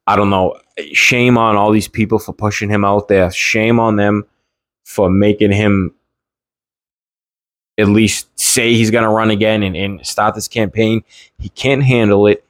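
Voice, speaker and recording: A man delivering a casual, heated political rant, halting and restarting, with frequent swearing. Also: on the low side, no echo, studio quality. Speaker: political commentator. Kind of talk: casual ranting monologue.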